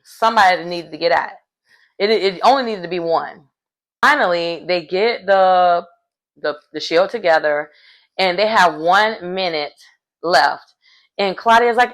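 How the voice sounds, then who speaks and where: A woman, recapping a reality show in a casual, animated way and laughing often. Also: on the low side, unhurried.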